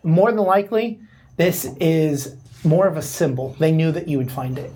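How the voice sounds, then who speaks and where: A man acting as game master, narrating a tabletop game in a relaxed way with fillers. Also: fairly high pitch, moderate pace.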